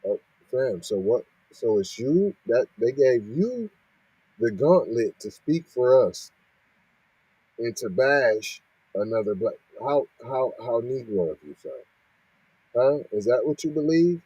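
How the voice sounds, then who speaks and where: A man reads out news and keeps cutting in to scold, firing off rhetorical questions. His voice is dark and husky. It is recorded dry and close. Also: mid-range voice, expressive, slow pace, no echo, low-quality recording. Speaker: podcast host reacting to news. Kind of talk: reading and ranting commentary.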